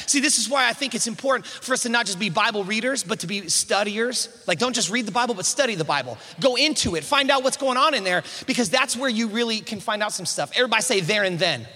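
A man preaching a sermon to a congregation, energetic, with call-and-response prompts and frequent restarts. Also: high-pitched, fast, few pauses. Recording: reverberant hall sound.

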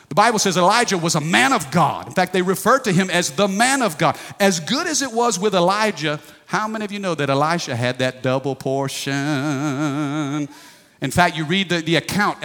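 A man's voice: a little high, fairly bright tone. A pastor in his forties preaching a sermon, folksy and emphatic, calling for responses from the congregation. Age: 40s. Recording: long reverb of a large hall.

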